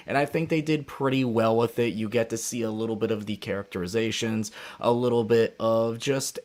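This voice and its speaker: A man co-hosting a live chat show, animated and acting out his own reactions. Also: mid-range voice, a little fast. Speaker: podcast co-host. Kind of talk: casual chat.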